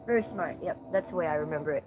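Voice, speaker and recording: A woman's voice: sits low, rapid-fire, background noise. A woman from Ohio hosting a casual livestream, reading chat comments outdoors at night, blunt and playfully profane. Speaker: livestream host.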